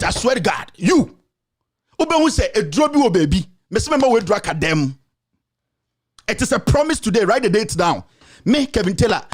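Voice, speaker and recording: Ranting Ghanaian man, very high voice. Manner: scolding, repetitive, insulting. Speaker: political commentator and show host. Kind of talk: angry political rant.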